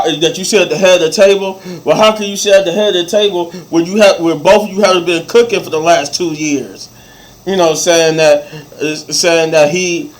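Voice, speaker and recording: Man recapping wrestling, slightly high voice. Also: low-quality recording. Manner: retells scenes, acting out quoted lines. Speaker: wrestling show reviewer. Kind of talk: casual recap commentary.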